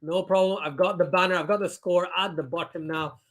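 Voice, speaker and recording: A young man with a high voice hosts a live cricket watchalong stream. He commentates on the play in a chatty, casual way and breaks into excited shouts when a wicket falls. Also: fairly quick. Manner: chatty, reads viewer comments aloud, bursts into excited shouts. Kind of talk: live commentary and chat reading.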